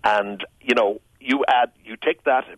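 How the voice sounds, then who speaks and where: An older man from Ireland with a soft Irish accent, smoothed by years in London, speaking as a radio guest in a reflective, musical way. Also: mid-range voice, measured pace, no echo, highs cut off. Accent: Irish, Tipperary, smoothed by years in London. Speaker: radio show guest, writer. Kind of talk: relaxed radio conversation.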